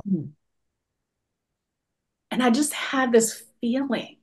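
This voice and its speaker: Woman, 40s, expressive motivational speaker, slightly high voice. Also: slow pace, long pauses. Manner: animated, expressive storyteller addressing audience. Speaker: workshop speaker. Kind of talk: personal storytelling talk.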